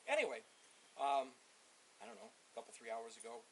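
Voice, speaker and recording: Gravelly older man, rambling and profane. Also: mid-range voice, big pitch swings, moderate pace. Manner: meandering, profane storytelling. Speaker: resident being questioned. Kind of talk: rambling account to a deputy. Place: outdoors in a yard. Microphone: officer's body camera. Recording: hissy body camera audio.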